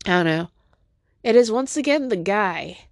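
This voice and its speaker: A woman's voice: medium pitch, lively intonation, normal speed, dry recording, studio quality. A woman hosting her own podcast in a casual, rambling solo monologue from home, teary after crying, self-deprecating and stopping to talk to her cat. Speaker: podcast host.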